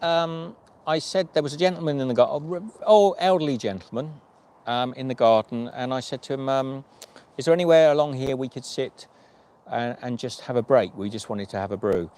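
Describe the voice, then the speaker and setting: A man in mid-range pitch chats on a livestream, spinning anecdotes and acting out what others said. He talks like a hiker sharing his day on the trail. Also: moderate pace, darkish tone, slight background noise. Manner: chatty anecdotes acting out quoted dialogue. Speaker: vlogger and long-distance hiker. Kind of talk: livestream storytelling chat.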